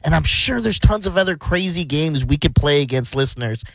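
A man co-hosting a radio show who chats easily and chimes in quickly. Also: fairly high pitch, expressive, creaky, a bit bright, no echo. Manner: quick interjections, easygoing. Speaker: radio co-host. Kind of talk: casual on-air banter. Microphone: studio microphone.

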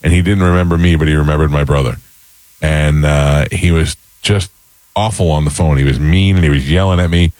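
A middle-aged male radio host with a very deep, low voice, chatting loosely with his co-hosts and telling stories with lively energy. The sound is dry and close to the mic. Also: fairly quick, no echo. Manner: storytelling, animated. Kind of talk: casual morning show banter.

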